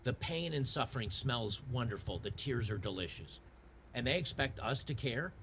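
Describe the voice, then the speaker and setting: A man's voice: mid-range voice, expressive, moderate pace, gravelly, a bit bright, slight background noise. A man, ranting in a frustrated, sarcastic way over a game and often restarting his sentences. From Tennessee. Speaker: gaming channel host. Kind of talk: ranting commentary over gameplay.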